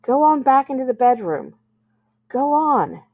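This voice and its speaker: A moody teenage girl, put on by a woman reading a storybook aloud, wails and pleads in a high, strained voice, all self-pity and sulk. The sound is close and dry, with no room around it. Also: sing-song, a little slow, darkish tone, dry recording, full character voice. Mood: scolding. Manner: wailing, melodramatic pleading.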